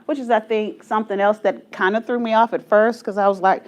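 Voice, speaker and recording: Leading a church study group, a woman in her forties from Texas tells stories laced with self-mocking humor and frequent laughter. Her mid-range voice is steady and darkish, moving a little fast with few pauses.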